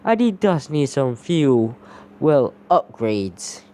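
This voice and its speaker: Man voicing a salty male pirate fox robot for a fan story: pirate lingo, dark voice, swings high and low. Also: big pitch swings, slight background noise. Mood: jolly pirate. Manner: pirate talk, drawn-out "matey".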